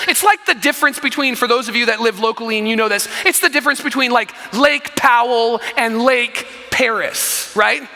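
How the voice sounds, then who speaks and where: A man preaching a sermon as pastor, telling the story in an animated way with frequent asides to the congregation. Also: extremely high pitch, moderate pace, few pauses, long reverb tail. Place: church sanctuary.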